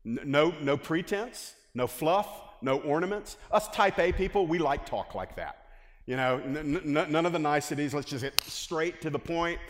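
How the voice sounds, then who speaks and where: A male pastor preaching a lively sermon and asking his congregation questions. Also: fairly high pitch, normal speed. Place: church hall. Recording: long hall reverb.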